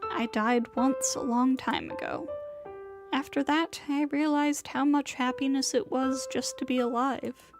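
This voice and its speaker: Woman streamer, narration read: high, unhurried, soft, music bed behind. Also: fairly even intonation. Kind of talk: reading a visual novel aloud.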